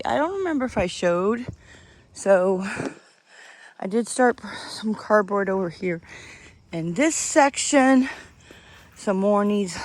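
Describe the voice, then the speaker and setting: A woman with a mid-range, darkish voice vlogs while doing yard work outdoors, with no room sound on the recording. She chats and rambles into the handheld camera near her face, laughs often, and is out of breath at times.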